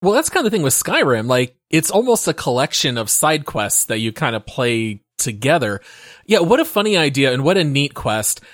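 Relaxed man, dry close sound. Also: medium pitch, moderate pace, no room sound. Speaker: podcast co-host. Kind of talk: casual chat.

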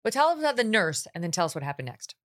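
A woman's voice: medium pitch, big pitch swings, very fast, fairly bright tone. A woman hosting an interview, leading into her guest's story with conversational questions and small restarts. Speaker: interview host.

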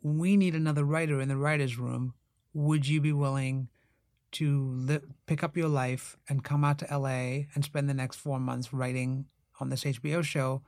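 Animated storytelling man, close dry mic. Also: moderate pace, no room sound. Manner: animated, acts out quoted voices with big jumps in pitch. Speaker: actor and TV writer, guest. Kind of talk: casual storytelling interview.

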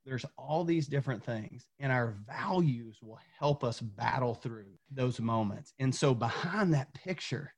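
A man's voice: mid-range voice, animated, a little slow, hardly any pauses, husky. A man from Tennessee, a former coach, telling an earnest motivational story as a podcast guest, repeating words when fired up.

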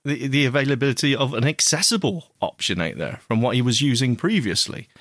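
A man co-hosts a radio chat, teasing his partner in a dry way. His voice is mid-pitched and rises and falls a lot. The room sounds dry and close. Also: lively intonation, brisk, a bit bright, dry recording. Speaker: co-host.

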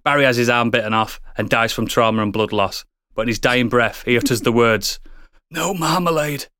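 A man co-hosts a comedy podcast, animated and sweary, often laughing as he tells a long story. His voice sits at a middle pitch. The recording is dry and close, with no room sound. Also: a little fast, clear, resonant tone, no echo.

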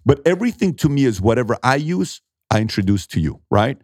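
A middle-aged man, an entrepreneur, telling animated stories in a conversational interview and acting out what people said. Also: mid-range voice, fairly quick, no room sound, clean studio sound. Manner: animated storyteller acting out quotes, emphatic.

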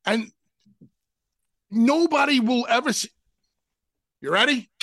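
A male wrestling co-host speaks bluntly and emphatically, with the odd curse thrown in. His delivery is slow and deliberate, and the recording is dry and close. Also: extremely high pitch, fairly bright tone, no echo. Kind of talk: casual chat.

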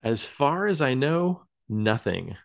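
A man co-hosts a casual podcast, describing things at a loose, rambling pace. His voice sits in a middle pitch, and he often hesitates with "uh" and "um" and chuckles as he goes. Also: big pitch swings, takes it slowly, creaky. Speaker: podcast co-host. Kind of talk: casual chat.

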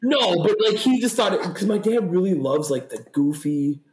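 In an echoey room, a young podcast co-host tells stories in a casual chat, rambling, profane and animated. He speaks at normal speed with a high-pitched voice.

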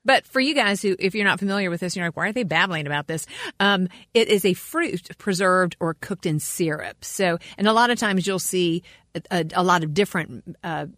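A woman's voice: fairly low pitch, a little fast, no echo. A woman co-hosting a casual wine-tasting podcast, reactive and affirming, often explaining things to the listeners. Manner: warm, reactive, lots of small affirmations. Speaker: podcast co-host.

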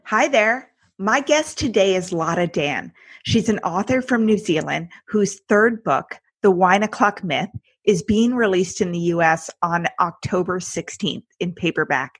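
A woman hosts a podcast interview in a chatty, enthusiastic manner. Her voice sits on the lower side. The recording is close and dry. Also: lively intonation, unhurried, husky, no echo. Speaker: podcast host.

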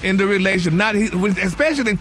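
A man's voice: sits high, lively intonation, fast talker, fairly bright tone, soft background music. A man hosting a celebrity gossip segment in a flamboyant, sassy manner, calling everyone honey and y'all. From United States.

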